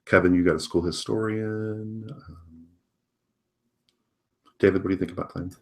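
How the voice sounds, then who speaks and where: A man with a low voice acts as game master in a casual tabletop session. He talks loosely, full of fillers, and laughs often. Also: steady tone, normal speed.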